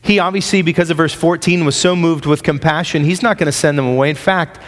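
A pastor with a slightly high voice talks quickly as he preaches a sermon, going through verses conversationally and tossing in joking asides. A long reverb suggests a large hall.

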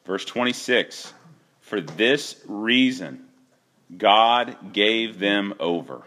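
Male pastor, sermon delivery, low-pitched and forceful, conversational with bursts of shouted dramatization. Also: animated, extremely slow. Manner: conversational preaching, questions to the congregation; acts out voices with sudden loud shouts.

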